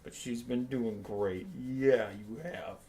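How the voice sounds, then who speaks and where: A man's voice: mid-range voice, fairly even intonation, slow pace, mellow. A man streaming a strategy game live, chatting casually and playfully and slipping into baby talk with his pets.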